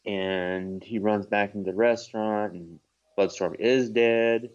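A man's voice: fairly low pitch, unhurried, smooth. A man on a remote call, casually retelling a comic book and acting out the characters' voices. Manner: animated retelling with acted voices. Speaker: podcast co-host. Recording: dull lo-fi call audio.

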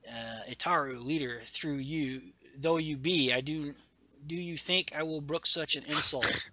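A man's voice: on the high side, a little slow, bright, forceful tone. A man reading the lines of a stern adult samurai from a comic, in a stiff read-aloud voice.

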